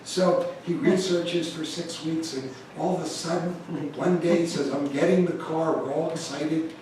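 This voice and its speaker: A man's voice: on the high side, moderate pace, slight background noise. A middle-aged American man giving a conversational church talk on stewardship, telling personal stories with growing animation. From United States. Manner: conversational, storytelling, animated when telling anecdotes. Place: large church hall. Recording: echoey church hall from far off.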